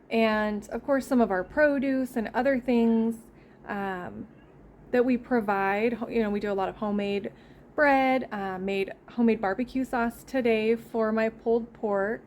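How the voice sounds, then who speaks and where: A woman's voice: fairly high pitch, a little mellow, a little hiss or hum. Woman homesteading vlogger, casual rambling chat, recorded indoors at home. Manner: chatty, easily sidetracked.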